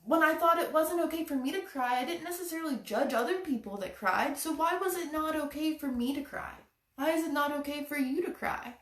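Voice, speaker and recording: A woman hosting a live-streamed chakra challenge talks briskly in a high, fairly bright voice, far from the mic in an echoey space. Her tone toward viewers is earnest and encouraging as she motivates them.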